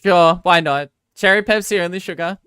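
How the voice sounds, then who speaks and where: A woman's voice: fairly low pitch, moderate pace, a bit bright, clean tone, no room sound, studio quality. An Australian woman streaming live, rambling casually and mocking herself as she answers her chat. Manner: rambling, self-mocking, answers viewers' chat between game moments.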